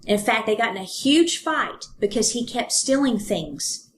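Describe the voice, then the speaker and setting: A woman's voice: fairly high pitch, lively intonation, a little slow, a little hiss or hum. A woman co-hosting a podcast, casually retelling a true-crime story and reading passages aloud with ums and fillers. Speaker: podcast co-host.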